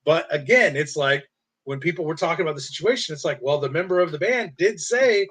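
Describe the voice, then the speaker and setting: A man with a somewhat higher voice, chatting casually as a podcast co-host. He tells stories with energy, swears freely and mimics other people in a squeaky voice. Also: fast, breathy edge. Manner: animated storyteller, acts out quotes in a high voice, swears. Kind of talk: casual chat.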